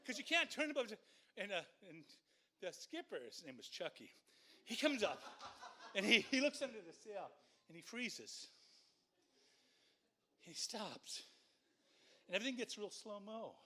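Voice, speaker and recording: A man telling a personal story at a live story slam, animated and conversational, with frequent swearing. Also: high voice, unhurried, pauses often.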